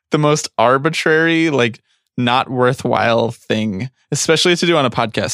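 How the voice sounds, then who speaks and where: A man's voice: mid-range voice, fairly bright tone, no echo, studio quality. A young man with a Philadelphia accent co-hosting a podcast, joking and self-mocking in casual chat. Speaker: podcast co-host.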